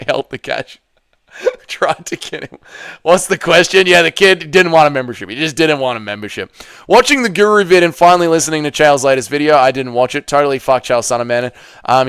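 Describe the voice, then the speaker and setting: A man's voice: fairly high pitch, a bit bright, clean tone, no room sound. A man hosting a casual live stream, reading chat aloud, laughing and swearing often.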